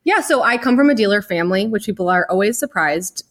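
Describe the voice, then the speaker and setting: Woman in her 30s on a podcast, chatty, says like a lot, mid pitch. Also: animated, fast. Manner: chatty storytelling, frequent "like". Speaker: guest. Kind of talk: casual interview.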